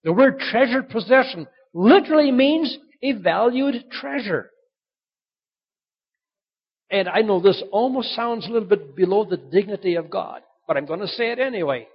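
A pastor preaching a sermon, emphatic and conversational, who drives home key points by repeating them, in a dull lo-fi recording. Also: male voice, high-pitched, animated, moderate pace, husky.

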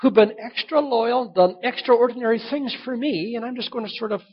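A man voicing a sleepless ancient king who muses to himself in a chatty, higher voice, in a dull lo-fi recording. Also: fairly quick, slightly rough. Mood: musing.

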